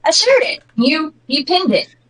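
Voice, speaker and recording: High-voiced chatty woman. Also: sing-song, fairly bright tone, poor audio. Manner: chatty, jokey, acts out quick impressions. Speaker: guest on a livestream. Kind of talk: casual chat.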